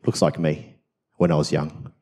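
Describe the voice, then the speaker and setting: A man's voice: rumbling low, little pitch movement, normal speed, dark tone. A man, a senior pastor at a church service, preaching a personal story in a conversational, self-mocking way with frequent tag questions.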